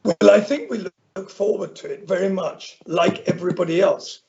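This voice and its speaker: Older male guest from Northern Ireland, rambling storyteller, heavily gravelly voice. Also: high voice, moderate pace, a little mellow. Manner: rambling anecdotal, self-correcting restarts. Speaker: interview guest. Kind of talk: conversational storytelling. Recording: dull lo-fi audio.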